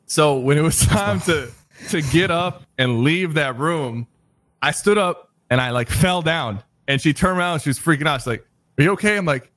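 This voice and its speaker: A man's voice: on the high side, normal speed, a bit bright, no room sound. A young man telling a story in a casual podcast chat, laid-back and full of "like" and "bro".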